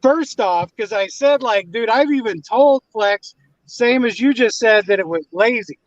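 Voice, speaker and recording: High-voiced, stammering man, muffled. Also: animated, measured pace. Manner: hesitant, stammering, placating. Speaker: panel guest. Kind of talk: casual livestream panel talk. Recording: dry, muffled line.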